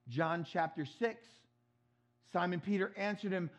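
A man preaching a sermon as pastor, swinging from loud emphatic quotes to hushed, low asides. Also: moderate pace, lo-fi sound.

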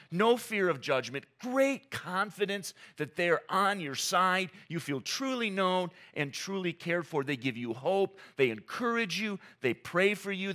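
A man preaching a sermon, earnest and emphatic, with dramatic pauses and repeated phrases. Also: fairly high pitch, fairly bright tone. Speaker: pastor.

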